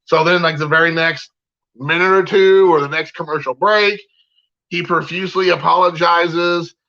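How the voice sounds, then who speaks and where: Gravelly man ranting heatedly. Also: a little high, fairly even intonation, normal speed, sharp tone, highs cut off. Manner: heated, repetitive, many fillers. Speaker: card collector vlogger. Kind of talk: casual opinion rant.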